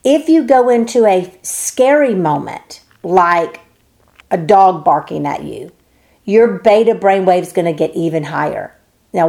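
A woman's voice: medium pitch, a little mellow. A woman teaching in an earnest, emphatic way, briefly acting out the voices she quotes. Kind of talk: explanatory teaching talk.

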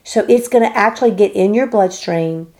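A woman in the middle of her pitch range talks through a lesson with earnest emphasis. She stresses her key words, and now and then she slips into the voices of the people she quotes. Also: normal speed, darkish tone. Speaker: teacher. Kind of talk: explanatory teaching talk.

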